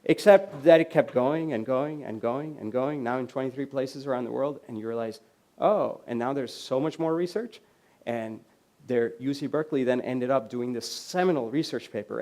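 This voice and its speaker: A man from the USA giving a storytelling keynote at a university event, animated and laughing often as he acts out the people in his stories. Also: mid-range voice. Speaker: keynote speaker. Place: university event hall with audience.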